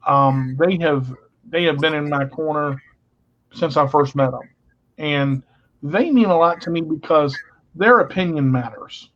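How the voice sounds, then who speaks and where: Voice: mid-range voice, a little slow. A co-host on a casual radio show who tells stories with a playful, joking manner. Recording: dull lo-fi sound.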